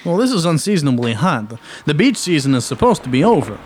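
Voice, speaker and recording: A man's voice: fairly high pitch, sing-song, fast talker, background noise. An actor playing a wry private eye who narrates his own story in hardboiled style, with dry wisecracks.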